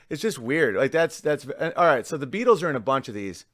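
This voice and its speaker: A man's voice: fairly high pitch, big pitch swings, fairly quick, hardly any pauses, no echo, clean studio sound. A man hosting a casual monologue, rambling with frequent restarts, with faint music in the background. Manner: rambling, restarts often, sings lyric snippets. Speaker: podcast host.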